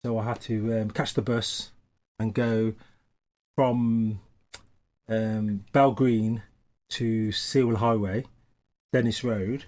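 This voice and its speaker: A man being interviewed for a documentary, recounting a memory hesitantly with many "um"s and growing animated as he talks. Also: on the low side, slow pace, long pauses.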